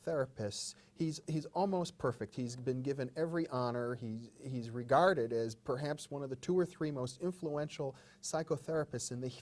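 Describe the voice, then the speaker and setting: Male psychologist interviewer, mid-pitched, measured, deferential. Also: darkish tone. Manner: respectful, measured, with hesitant restarts. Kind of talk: interview questions.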